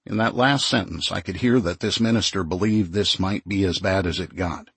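A man narrating a first-person audiobook in a measured, even storytelling manner. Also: sits low, vocal fry, husky, dry recording.

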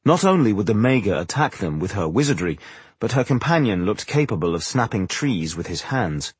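Husky male audiobook narrator. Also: lowish voice, big pitch swings, a little fast, no echo.

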